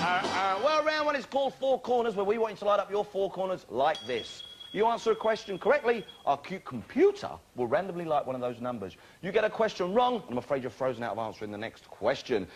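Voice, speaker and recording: A man hosting a television game show, joking and bantering energetically with contestants. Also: fairly high pitch. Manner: exuberant, jokey banter with contestants. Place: television studio with live audience. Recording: loud studio audience and noise.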